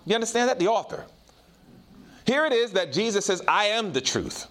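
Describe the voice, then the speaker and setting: A man's voice: big pitch swings, normal speed. Man preaching with a wide-ranging voice. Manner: preaches in rising and falling swells, drops low and quiet for personal stories. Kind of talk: sermon.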